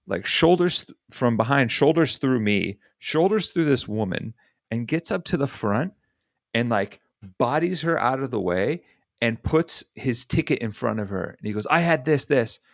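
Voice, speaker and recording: A young adult man co-hosting a podcast, telling a lively story and acting out the voices of the people in it. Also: mid-range voice, moderate pace, vocal fry, no echo, clean studio sound. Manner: lively anecdote teller who acts out quoted voices. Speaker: podcast co-host. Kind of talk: animated storytelling in casual chat.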